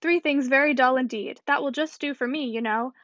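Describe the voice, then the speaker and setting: A woman's voice: sits high, fairly quick, a bit bright, dry recording. A woman reading the part of a chattering, good-natured older spinster who flutters and is eager to please. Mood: flustered. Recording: dull dry audiobook recording.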